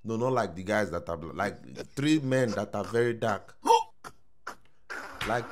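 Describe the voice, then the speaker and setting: Nigerian man, casual commentary, animated, Pidgin asides, faint music underneath. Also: fairly low pitch, a little slow. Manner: animated, mixes Pidgin, repeats "I don't know if I'm shouting".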